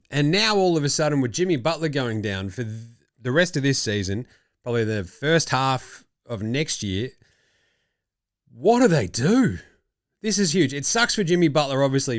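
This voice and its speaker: An Australian man hosting a casual sports talk show, animated and swearing freely. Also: mid-range voice, no echo, clean studio sound. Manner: animated, swearing, laughing asides. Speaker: podcast host.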